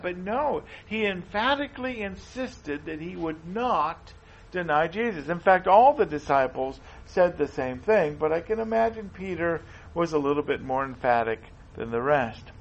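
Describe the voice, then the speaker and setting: High-voiced man preaching a sermon. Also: expressive, normal speed, creaky, lo-fi sound. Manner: earnest, repeats himself, reads scripture aloud.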